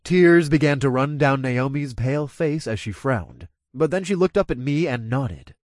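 A man narrating a first-person story aloud, dropping into a low growl for his own character's lines. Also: expressive, normal speed, no echo, studio quality.

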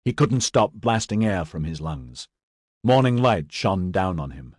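A man narrating a fantasy audiobook in an expressive, dramatic reading. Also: sits low, a little slow, dry recording, clean studio sound. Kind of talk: scripted narration.

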